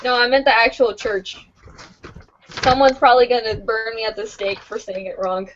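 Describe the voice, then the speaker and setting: Chatty high-voiced woman podcast host. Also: fairly even intonation, moderate pace, fairly bright tone, slight background noise. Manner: chatty, stumbling over place names, laughing and swearing. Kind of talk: casual podcast chat reading convention listings. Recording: dull lo-fi podcast audio.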